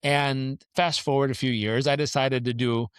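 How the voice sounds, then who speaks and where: A man telling stories as a guest on a podcast interview, lively and acting out the people in his stories. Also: mid-range voice, moderate pace, smooth, dry recording, studio quality. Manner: animated storyteller who acts out the people in his stories.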